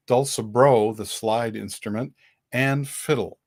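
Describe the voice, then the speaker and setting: A man hosting a casual live-stream dulcimer lesson, chatty and relaxed, counting beats and chanting rhythm syllables aloud. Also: medium pitch, a little slow. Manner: relaxed, chatty, with small restarts. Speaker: dulcimer teacher and host.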